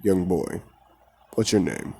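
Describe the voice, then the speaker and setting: A man voicing a calm, shadowy male mist villain who works as a bartender, speaking in a quiet, measured, commanding way. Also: low voice, slightly rough, exaggerated voice. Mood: quiet, stern.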